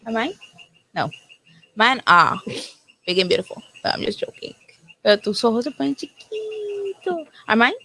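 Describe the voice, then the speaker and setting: A woman's voice: fairly high pitch, sing-song, moderate pace, pushed and bright, slight background noise. A young woman with a Puerto Rican accent chatting playfully with her sister, dreamy in tone, slipping into Spanish phrases. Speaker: co-host. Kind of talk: casual chat between sisters.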